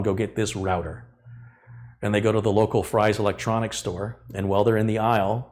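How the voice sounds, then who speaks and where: A middle-aged man with a somewhat low voice hosts a live tech stream. He talks bluntly and at length, venting about customers. He plays out both sides of their arguments as he goes. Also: a little mellow. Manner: blunt, ranting, acts out customer dialogues. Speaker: tech channel host.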